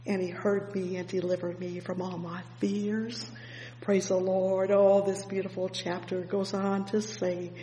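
Slow, fervent woman preacher in echoey hall. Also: mid-range voice. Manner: punctuates with "oh, yes" and "praise the Lord", swings between loud and hushed. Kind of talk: fervent sermon. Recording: echoey hall with long reverb, faint hum.

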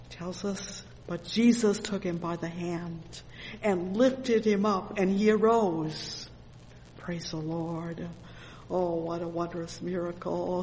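A slow, deliberate preacher at an evening church service, reading scripture and breaking in with fervent cries of praise. The voice rings with a long hall reverb, and faint room ambience sits underneath. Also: medium pitch, a little mellow, a little hiss or hum. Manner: fervent, with constant "oh yes, praise the Lord" interjections; reads scripture verses aloud. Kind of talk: sermon.

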